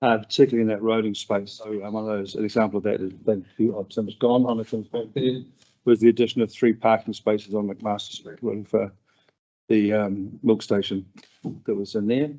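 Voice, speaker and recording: A man giving a measured, halting report-back at a council meeting. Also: on the low side, flat delivery, mellow. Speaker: community board representative. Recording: dull lo-fi meeting recording.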